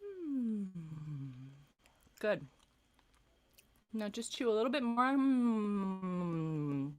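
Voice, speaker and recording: A young adult woman vocal coach leading a live-streamed vocal warm-up from a paneled room at home, chatty and encouraging between exercises. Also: on the high side, moderate pace. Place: room with acoustic paneling, windows closed.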